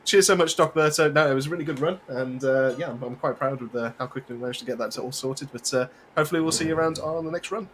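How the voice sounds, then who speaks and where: A man's voice: mid-range voice, quick pace, hardly any pauses, a bit bright, slight background noise. Joking man streaming games. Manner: joking, rambling, laughs often. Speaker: co-host of a game stream. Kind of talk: casual banter while gaming.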